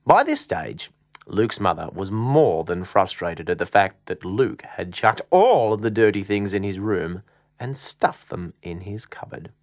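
A woman narrating a children's story, with dramatic pauses and dips into a whisper. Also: a bass voice, animated, dry recording, clean studio sound. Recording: soft guitar music behind.

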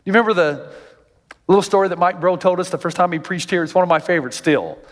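A man preaching a sermon as pastor, telling stories in an animated way and acting out the voices of the people in them. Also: high voice, fast talker, long reverb tail. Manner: animated storytelling, acts out quoted voices.

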